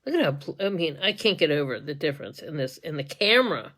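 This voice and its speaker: A woman vlogging a casual makeup tutorial on her phone. She talks in a chatty, giggly way, trails off and restarts often, and drops to soft mutters while she works. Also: sits low, very animated, quick pace. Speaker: beauty vlogger and makeup sales representative. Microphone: phone camera.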